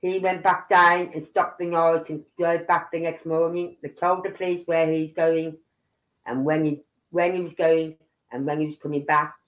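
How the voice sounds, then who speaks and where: A middle-aged livestream host from Birmingham talks at a normal speed in a low, level voice with a Brummie accent. Her casual commentary is chatty and rambling, with "right?" and "you know what I mean" tagged on throughout, captured on a rough recording.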